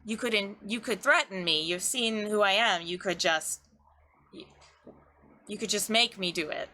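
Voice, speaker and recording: A woman playing a worried mother who speaks quietly and earnestly. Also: medium pitch, normal speed, slight background noise, lightly acted. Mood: wary. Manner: hushed, earnest. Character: anxious mother guarding a secret identity.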